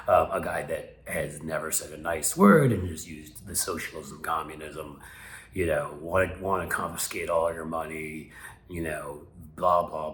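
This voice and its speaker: Very deep-voiced sarcastic man, roomy echo. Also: a bit bright. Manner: sarcastic, mocking. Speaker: political commentary host. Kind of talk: casual political commentary.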